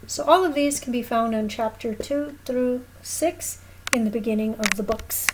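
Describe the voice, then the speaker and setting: A woman's voice: fairly high pitch, moderate pace, very noisy. A woman teaching a recorded lesson, explaining patiently at a whiteboard and often checking in with "okay?". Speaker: Spanish teacher.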